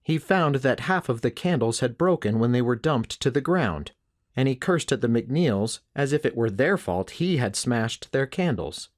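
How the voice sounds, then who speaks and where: A first-person audiobook is voiced by a man of medium pitch. He keeps his reading even and measured throughout.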